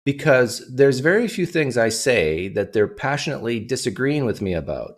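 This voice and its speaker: A man's voice: mid-range voice, very animated, normal speed. A man hosting a livestream, talking casually and reading donation messages aloud. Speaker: livestream host.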